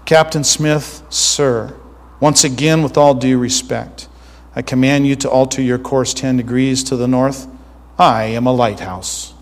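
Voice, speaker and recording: Brief: steady, polite young male coast guard seaman, read by a preacher; echoing room. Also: a little high, normal speed, lightly acted. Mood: calm. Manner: calm, steady.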